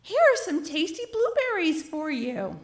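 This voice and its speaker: A woman voicing a gentle young male bear in a children's storybook, speaking in an earnest, pleading way. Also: extremely high pitch, very animated, measured pace, exaggerated voice. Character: gentle young male bear who loves his hat. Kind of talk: reading a children's story aloud.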